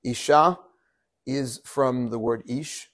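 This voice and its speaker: A man in the role of a rabbi delivers a lively Torah lesson at a middle pitch. He chants short Hebrew phrases, glosses them in English, and keeps asking his listeners questions. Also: takes it slowly. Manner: animated, quotes Hebrew verses then translates; asks rhetorical questions to the audience. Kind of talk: Torah teaching talk.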